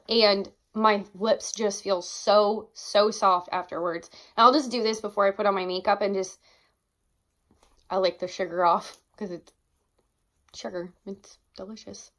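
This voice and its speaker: Young woman, beauty vlogger, gushing, enthusiastic, mid-pitched voice. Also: a bit bright. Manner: gushing, enthusiastic, exclaims often. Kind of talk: casual product review.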